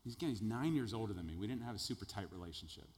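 Preacher in a reverberant hall. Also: male voice, on the low side, rapid-fire. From Texas. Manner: animated storytelling, swings between loud jokes and quiet earnest passages. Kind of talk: sermon testimony. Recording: echoey hall with long reverb.

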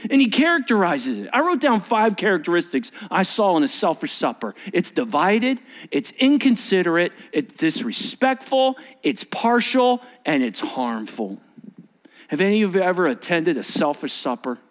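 A male pastor preaching a sermon with a fairly high, very lively voice. He swings hard between low, quiet explanation and sharp, raised bursts when he reads scripture aloud. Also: moderate pace.

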